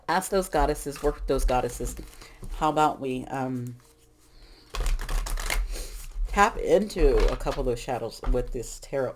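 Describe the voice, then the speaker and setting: A woman's voice: extremely low pitch, background noise. A middle-aged woman, a tarot reader, talking casually about spiritual growth in a rambling, frank way that often breaks off and restarts. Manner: rambling, frank, self-interrupting.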